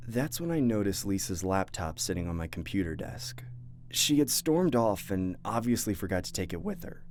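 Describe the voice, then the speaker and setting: A man narrating a first-person horror story in a measured, scripted way. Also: deep voice, darkish tone. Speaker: narrator and voice actor.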